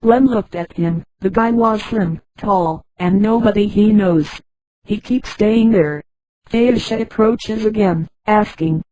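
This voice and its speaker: A woman narrating a science fiction story in a flat synthetic reading that speaks punctuation names aloud. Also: mid-range voice, slow, no echo, poor audio. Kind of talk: scripted narration.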